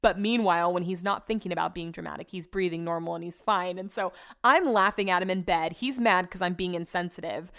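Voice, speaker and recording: A woman's voice: on the low side, brisk, few pauses, fairly bright tone. Chatty young woman telling a funny story. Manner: chatty, laughing, swears freely. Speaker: vlogger. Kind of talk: casual storytelling to viewers.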